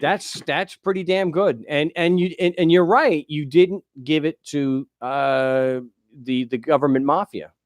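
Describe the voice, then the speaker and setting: Halting talk-show host, dry close mic. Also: male voice, fairly high pitch, no echo. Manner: encouraging, thinks aloud with halting restarts. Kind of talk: talk radio call-in.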